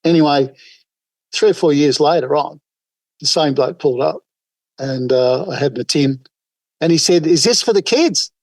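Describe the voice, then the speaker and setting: A man's voice: on the high side, fairly even intonation, moderate pace, pauses often, darkish tone, no echo, poor audio. Folksy older Australian man telling stories. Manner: rambling, folksy, many fillers. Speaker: guest, emergency services volunteer. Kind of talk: casual interview storytelling.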